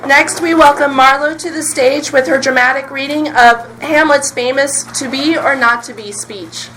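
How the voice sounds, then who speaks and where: A young woman with a high, light voice introduces performers and calls "scene" like a camp drama instructor. Her manner is brisk and directive. A faint hum of room ambience sits behind her. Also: fairly bright tone, low-quality recording. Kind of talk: announcing a children's showcase.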